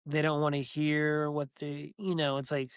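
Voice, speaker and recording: A man's voice: on the high side, completely flat delivery, normal speed, clean tone, no room sound, clean studio sound. A man co-hosting a podcast, chatting casually and searching for his words. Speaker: podcast co-host. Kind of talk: casual chat.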